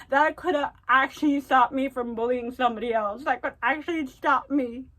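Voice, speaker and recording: A woman's voice: high voice, fairly bright tone. A young woman vlogger sharing a personal story and earnest advice in a confiding, repetitive way. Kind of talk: heartfelt storytime advice vlog.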